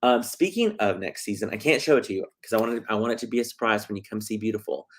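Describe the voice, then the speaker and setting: Male host, middle-aged, talks fast and excitably, lots of ums. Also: lowish voice. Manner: chatty, excitable, lots of fillers. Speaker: theater talk show host. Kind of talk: casual livestream chat.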